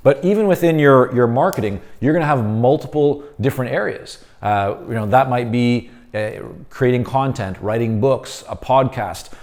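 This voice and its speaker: A man teaching consultants in an informal, conversational way, often pausing with fillers and restarting phrases as he explains. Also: mid-range voice, darkish tone. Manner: explains while drawing on a board. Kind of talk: instructional talk to camera.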